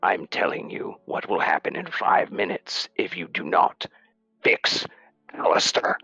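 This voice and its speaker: A man voicing a gruff golden dragonborn warrior who speaks low, quiet and threatening. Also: fairly even intonation, measured pace, no echo, full character voice. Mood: menacing.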